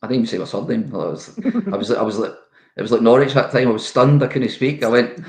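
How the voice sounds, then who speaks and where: A middle-aged Scottish former footballer, a guest telling lively anecdotes in a casual interview. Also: male voice, on the low side, fast, echoey room. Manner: animated anecdote telling with laughs.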